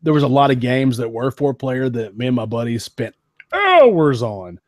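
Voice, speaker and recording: A man's voice: mid-range voice, moderate pace, no echo, clean studio sound. A man co-hosting a podcast, chatting casually and with enthusiasm about old game consoles. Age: adult who was a teenager in the late 1990s. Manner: animated, enthusiastic, says "man" and "dude". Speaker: podcast co-host. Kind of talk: casual chat.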